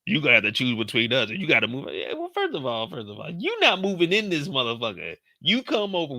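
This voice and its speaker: A man's voice: medium pitch, huge pitch swings, fast, few pauses, sharp tone, dry recording. A young man giving a profane, joking recap of a TV episode, acting out the characters' lines as he goes. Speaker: show commentator. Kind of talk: animated casual recap commentary.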